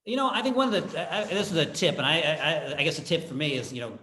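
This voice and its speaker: Halting man on a roomy call. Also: a little high, pushed and bright. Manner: halting, restarting as he frames a tip. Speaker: panelist. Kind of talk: conference panel talk.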